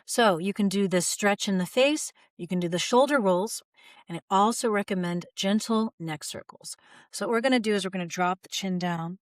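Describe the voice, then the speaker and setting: A woman in her forties, a voice teacher, calmly guiding viewers through jaw and shoulder stretches. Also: mid-range voice, moderate pace, no room sound, clean studio sound. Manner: calm, guiding, gentle. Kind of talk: instructional video talk.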